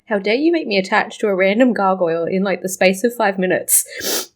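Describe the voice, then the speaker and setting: A young adult woman hosting a casual reaction commentary, animated and emotional, swearing and laughing while doing her makeup. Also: mid-range voice, moderate pace. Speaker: host.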